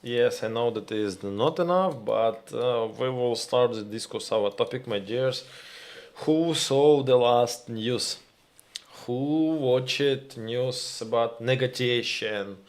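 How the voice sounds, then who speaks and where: A man with a Ukrainian accent hosts a live stream, working slowly through his English and pausing often to find the next word. He speaks to his viewers directly, reads their comments aloud, and gets heated over the news. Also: medium pitch. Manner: halting, searching for words, addresses viewers as "my dears".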